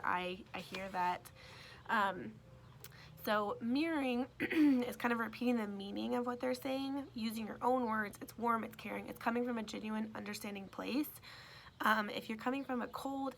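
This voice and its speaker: A woman teacher explains a lesson casually while standing outdoors beside a greenhouse. Her voice carries a gravelly, creaky texture. She talks in a chatty way, scattering fillers and tag questions through her explanation. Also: mid-range voice, fairly bright tone, a little hiss or hum.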